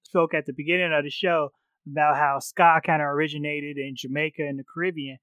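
Male host, bright and a little high, dry close sound, jokey. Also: little pitch movement, no room sound. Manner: joking, quick asides. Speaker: podcast host. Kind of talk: casual chat.

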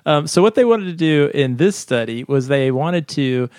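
A man's voice: a little high, lively intonation, moderate pace, a little mellow, dry recording, clean studio sound. A man co-hosting a podcast, explaining a research study in a chatty way and laughing often. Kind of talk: casual science chat.

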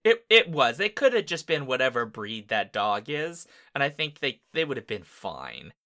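A man with a bright, forward voice chatting on a movie podcast. He talks in a casual, enthusiastic way, his voice jumping up when he gets excited. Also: medium pitch, moderate pace. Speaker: podcast co-host. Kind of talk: casual movie-review chat.

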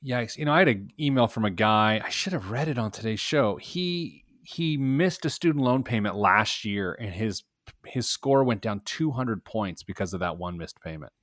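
A man's voice: on the low side, normal speed, dry recording, studio quality. A man hosting a personal finance show, reading news items with playful emphasis and joking with his co-host. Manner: animated, jokey, reads items with playful emphasis. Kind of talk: casual radio show banter.

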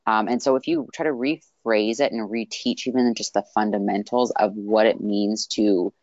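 A woman from Canada, a sport scientist, talks in a lively way with many "like"s and restarts. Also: extremely low pitch, normal speed, no room sound, muffled recording. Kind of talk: conversational interview.

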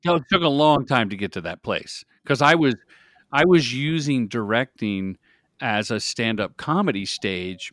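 A middle-aged man, a guest in a casual interview, telling stories in an energetic, animated way. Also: medium pitch, moderate pace, no room sound, clean studio sound. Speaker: guest, commercial director.

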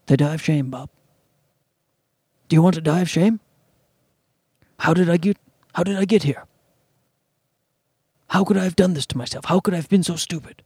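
Grave lecturing older brit, as a comedian puts him on, lower slow voice, dry sound. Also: male voice, a little mellow, husky, no room sound. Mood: stern. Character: older British man, stern, lecturing survival.

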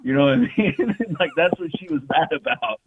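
A man's voice: high-pitched, expressive, moderate pace, slight background noise. A young man telling rambling, profane stories in a casual chat. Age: young adult. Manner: rambling, profane, loose and joking. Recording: tinny phone-like sound.

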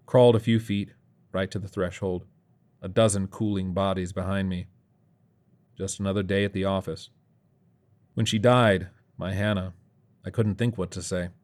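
A man's voice: sits low, fairly even intonation, normal speed, pauses often, a little mellow. A man narrating a first-person story in a grim, clipped, world-weary way.

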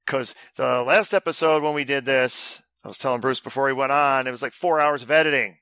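Bright joking male podcast host. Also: mid-range voice, fairly even intonation, brisk, clean tone, no echo. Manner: loose, joking, swears freely. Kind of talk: casual chat.

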